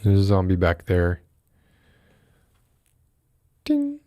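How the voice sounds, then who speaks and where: A man's voice: low-pitched, takes it slowly, a little mellow, no echo, studio quality. A man hosting a casual livestream, reading philosophy aloud and breaking off to ramble and greet viewers in the chat.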